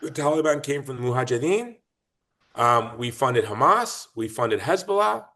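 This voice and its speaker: A man talking as a podcast guest in an emphatic, argumentative way. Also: medium pitch. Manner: emphatic, argumentative, lively and fast-shifting. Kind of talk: animated political talk.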